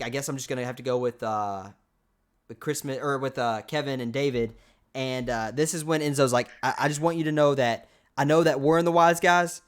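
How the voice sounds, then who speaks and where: A young man co-hosting a podcast, rambling through a casual episode recap with lots of fillers and asides. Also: mid-range voice. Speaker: podcast co-host.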